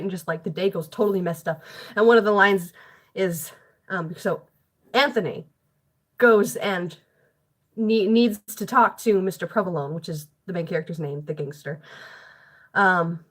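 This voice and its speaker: A woman's voice: medium pitch, fairly bright tone. A girl in her late teens, talking to herself at home in a rambling, self-deprecating, chatty way while doing homework. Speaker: vlogger.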